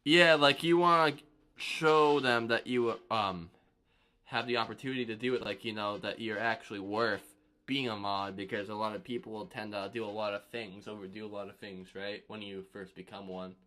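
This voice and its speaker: A man's voice: lowish voice, fairly even intonation, normal speed, sharp tone. A young man chatting loosely on a live stream between drumming, rambling with lots of fillers and slang. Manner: rambling, filler-heavy, laid-back slang. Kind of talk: casual live-stream chat.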